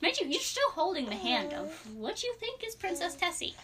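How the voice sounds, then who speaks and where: A woman narrating a tabletop game as game master. She animates the scenes and drops low for suspense. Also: big pitch swings, fairly quick, a bit bright.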